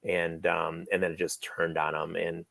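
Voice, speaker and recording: A man's voice: low voice, monotone, normal speed, vocal fry, a bit bright, no echo. A man telling a personal story as a guest on a talk show, rambling, with many fillers, and acting out quoted lines. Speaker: guest, friend of the late actor. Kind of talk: casual interview storytelling.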